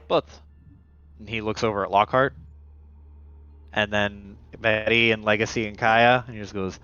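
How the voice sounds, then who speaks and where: A man's voice: on the low side, fairly even intonation, normal speed, pushed and bright. A man narrating as game master in a loose, rambling way, with many restarts. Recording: muffled lo-fi mic.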